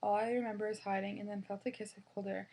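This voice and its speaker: A woman's voice: mid-range voice, little pitch movement, quick pace, mellow. A woman reading a children's novel aloud in the first person, with small slips and restarts. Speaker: reader.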